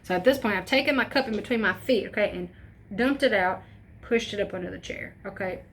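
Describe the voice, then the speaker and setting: A young woman tells a wild personal story straight to camera, casual and animated. She swears freely and acts out what everyone said, jumping between voices. Her pitch sits in a middle range for a woman. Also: brisk, creaky. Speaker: storytime vlogger.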